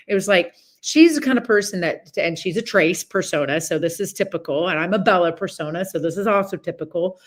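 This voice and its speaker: Chatty animated woman giving motivational talk. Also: on the low side. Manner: chatty and animated, many restarts and asides. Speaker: podcast host. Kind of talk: casual motivational monologue.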